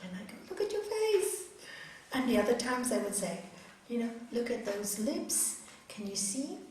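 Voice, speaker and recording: A woman's voice: fairly high pitch, moderate pace, a little hiss or hum. A middle-aged woman yoga teacher telling a spiritual story to a group, acting out the voices of its characters. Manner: animated storytelling, acts out voices. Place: hall. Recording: echoey hall, from far off.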